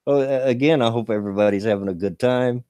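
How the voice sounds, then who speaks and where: A man's voice: medium pitch, fast talker, dark tone, clear, resonant tone, dry recording. Folksy American male stream host, easygoing and giggly, dry and close. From United States. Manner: laughs easily, folksy and chatty. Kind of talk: casual live-stream chat.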